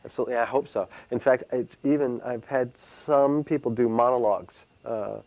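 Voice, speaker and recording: Gravelly man, halting and thoughtful. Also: mid-range voice, fairly even intonation, a little mellow, no room sound, rough recording. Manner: hesitant, many fillers and restarts. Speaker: solo performer and playwright. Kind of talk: casual interview answers.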